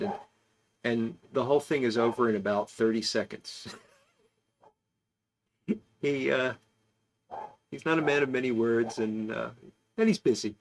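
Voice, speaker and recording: A man's voice: lowish voice, a little hiss or hum. A man hosting a casual online pipe-smoking club, rambling through stories and chuckling as he reads out comments. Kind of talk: casual chat.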